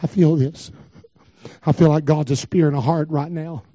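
A man preaching a revival sermon, swinging from low murmurs to shouted cries. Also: steady tone, normal speed, no room sound. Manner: fervent, breaking into shouted cries, then dropping low. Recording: dull, dry recording.

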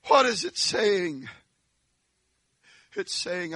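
A man preacher delivering a dramatic sermon that swings from hushed tones to shouts. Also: sits high, animated, unhurried, pauses often, slightly rough, no room sound, studio quality.

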